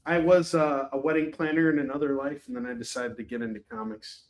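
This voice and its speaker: A man's voice: mid-range voice, steady tone, a little fast. A man rambling and swearing casually while selling comics on a live stream. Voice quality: profane, rambling, joking.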